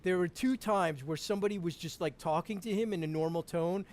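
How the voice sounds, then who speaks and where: A man chatting as a podcast guest over a call, animated, laughing often and restarting his sentences. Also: sits high, brisk. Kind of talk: casual podcast chat.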